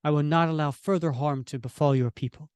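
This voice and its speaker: A man's voice: fairly high pitch, fairly even intonation, fairly quick, darkish tone, clear, resonant tone, no room sound, lightly acted. A man reading the solemn, earnest lines of a remorseful young woman warrior.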